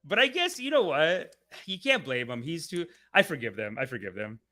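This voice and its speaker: A man hosting a casual live stream, rambling and swearing excitably, often laughing mid-sentence. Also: a little high, moderate pace. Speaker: host.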